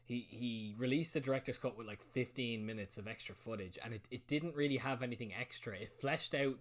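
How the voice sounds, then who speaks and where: A man co-hosting a casual film podcast, animated and sweary, often acting out characters' lines. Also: medium pitch, fairly quick. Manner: animated, swearing, acts out mock quotes loudly. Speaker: podcast co-host. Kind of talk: casual chat.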